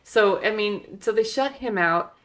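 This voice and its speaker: A woman's voice: mid-range voice, unhurried. A woman co-hosting a casual film review podcast, talking in a chatty way with exasperated asides. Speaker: podcast co-host.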